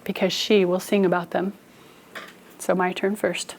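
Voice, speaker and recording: A woman's voice: on the low side, little pitch movement, a little slow, creaky. A young woman teacher giving a playful, story-style phonics lesson to children in a classroom. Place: classroom with kids.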